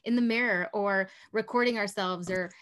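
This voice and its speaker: A woman's voice: mid-range voice, normal speed, fairly bright tone. A woman hosting an interview, affirming her guest and reflecting aloud, often checking in with "right?". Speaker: podcast host and workshop leader. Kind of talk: casual interview chat.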